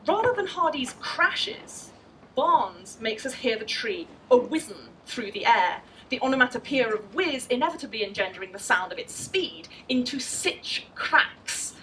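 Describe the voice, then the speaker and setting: A woman scholar giving a formal lecture, reading verse aloud in a measured, expressive way. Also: on the high side, far from the mic, slight background noise, poor audio. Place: lecture venue at a festival.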